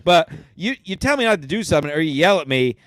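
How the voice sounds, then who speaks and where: A man telling a story on a casual podcast, animated and profane, laughing as he talks. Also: a little high, fast talker, dry recording. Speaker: podcast guest.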